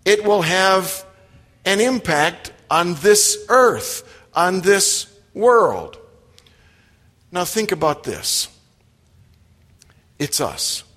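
Male pastor, slightly high voice, slow measured delivery, long church reverb. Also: sing-song, a bit bright. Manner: emphatic, with direct questions to the congregation. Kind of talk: sermon. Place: church sanctuary.

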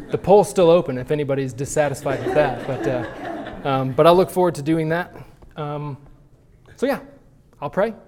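A man's voice: mid-range voice, a little mellow. A man teaching a Sunday school class at church, talking conversationally and often restarting his phrases.

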